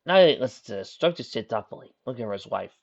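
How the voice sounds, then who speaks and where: A man narrating a story aloud in a plain reading voice, stumbling over a word now and then. His pitch moves around quite a bit. The recording is dull and lo-fi. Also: fast talker, gravelly. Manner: plain, even narration with slips and restarts. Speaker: reader. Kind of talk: storybook reading of fan fiction.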